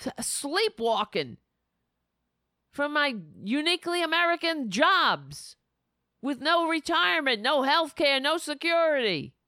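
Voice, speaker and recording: A woman hosting a political talk show, tired and sleepy, sliding into sarcastic, animated rants. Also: high-pitched, measured pace, no room sound, studio quality. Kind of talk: casual political commentary.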